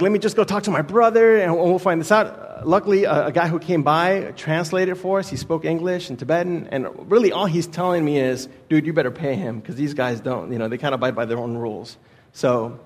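Guest preacher, thirties, from Texas; casual storyteller, slightly high voice, long hall reverb. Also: male voice. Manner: casual, storytelling, with many restarts. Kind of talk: sermon with personal story. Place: church sanctuary.

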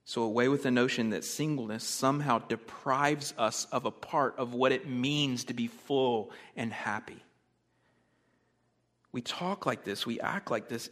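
A man preaching a sermon as pastor, conversational, swinging between loud emphasis and soft, quiet asides. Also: medium pitch.

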